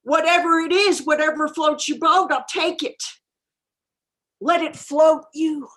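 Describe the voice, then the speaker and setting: A woman with a high, slightly bright voice speaks at a measured pace with fairly even intonation. She's doing improvised character comedy over a video call from her bedroom, playing a flaky, self-absorbed new-age sex-and-spirit guru who rambles dreamily. The mood is spacey.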